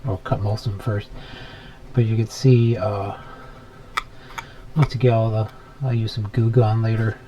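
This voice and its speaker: A man hosting a casual workbench vlog in his home workshop, thinking aloud as he works and dropping into soft muttered asides. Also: on the low side, fairly even intonation, a little slow, long pauses, a little hiss or hum, low-quality recording. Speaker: electronics hobbyist host.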